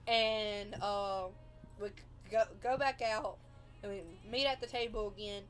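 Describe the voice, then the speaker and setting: A woman's voice: mid-range voice, steady tone, unhurried, faint music behind. A woman telling a personal story on a livestream, rambling with lots of fillers and restarts.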